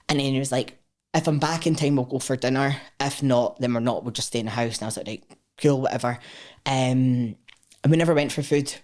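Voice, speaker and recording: A woman with a Scottish accent, a podcast guest telling her own story frankly, swearing freely and acting out what people said. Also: rumbling low. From Scotland. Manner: frank and expressive, swears freely, acts out quotes. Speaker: guest, powerlifter. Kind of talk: candid personal storytelling.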